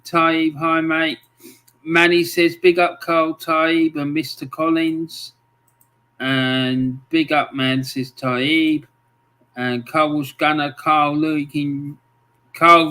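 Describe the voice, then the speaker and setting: This time the same casual livestream host sounds a little high, bright and forceful. He's friendly and peppered with ums as he welcomes people and reads their comments aloud.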